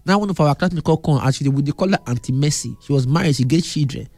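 A man's voice: a little high, very fast, no echo, soft background music. A middle-aged man with a Nigerian Pidgin accent, animatedly telling a personal story in casual chat, repeating words and acting out what others said. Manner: animated, repetitive, acts out quoted lines.

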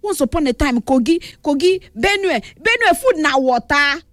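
Animated high-pitched Nigerian woman. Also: normal speed, no room sound, soft background music. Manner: animated storytelling, code-switching, exclaiming. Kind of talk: casual chat in Nigerian Pidgin and English.

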